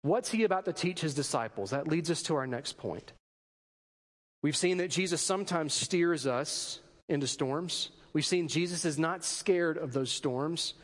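A man's voice: a little high, measured pace, big-room sound. A man preaching a sermon in a conversational way, asking rhetorical questions and adding joking asides. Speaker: pastor.

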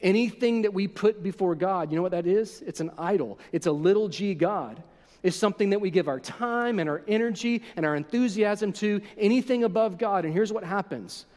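A man with a high, lifted voice preaches a sermon, telling the scripture story with animated energy and voicing the crowd's shouts. His words carry a long reverberant tail, as in a sanctuary. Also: fairly quick. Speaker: pastor.

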